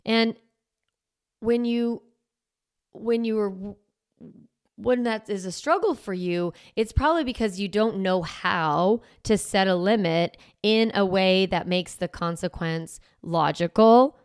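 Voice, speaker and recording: A woman's voice: mid-range voice, slow, clear, resonant tone, no echo, studio quality. A middle-aged woman coaching parents, speaking casually to camera in a chatty way with lots of "like". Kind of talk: casual talk to camera promoting a course.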